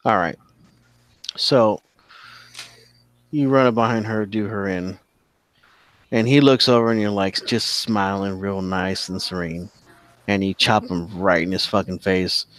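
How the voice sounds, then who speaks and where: A man running a tabletop game, with a fairly low voice on a dry, close mic. He tells the action vividly and swears freely. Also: fairly even intonation, measured pace, pauses often, fairly bright tone, no room sound. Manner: vivid, profane storytelling narration. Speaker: game master. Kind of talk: narrating a tabletop game, casual and profane.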